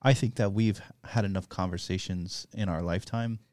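A man's voice: deep voice, fairly even intonation, moderate pace, a little mellow, no room sound. A young man co-hosting a podcast, reflective and earnest, with casual swearing. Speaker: podcast co-host. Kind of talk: candid podcast chat.

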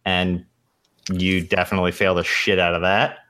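Man, game master, casual, reads rules aloud, somewhat low voice. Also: level tone, moderate pace, bright, forceful tone. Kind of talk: running a tabletop game.

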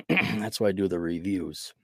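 A man with a low, husky voice speaks unhurriedly in a casual podcast monologue, recorded dry with clean studio sound. Nursing a cold, the host wanders from point to point and pokes fun at himself.

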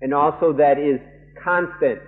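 Slow, measured monk on lo-fi tape. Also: male voice, a little high. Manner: measured, halting phrases with frequent pauses and restarts. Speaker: monk interpreting a dharma talk. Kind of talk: live interpretation of a dharma lecture. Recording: muffled lo-fi archival tape, phone-like band.

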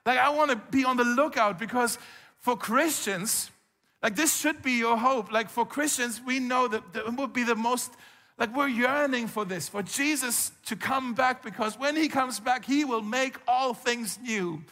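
Bright-voiced pastor preaching in a hall. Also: male voice, extremely high pitch, moderate pace. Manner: conversational, animated preaching with rhetorical questions. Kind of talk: sermon. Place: church hall.

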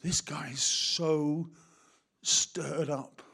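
A middle-aged man with an English accent, preaching a sermon in a lively way, speaking straight to the congregation and acting out little voices. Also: on the high side, extremely slow, creaky, slightly rough. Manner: animated, acts out voices, talks directly to the congregation.

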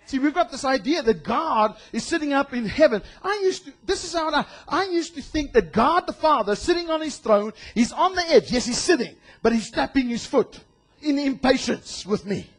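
Man preaching, high husky voice, lively swings in pitch, animated. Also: normal speed. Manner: animated preaching, acts out voices and shouts for emphasis. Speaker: pastor. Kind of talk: sermon.

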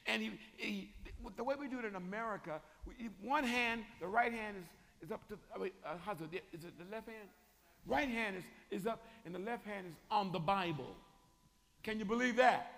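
A man preaching a sermon as bishop, swinging from shouting to chatty asides. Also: high-pitched, creaky, in a large hall. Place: church sanctuary.

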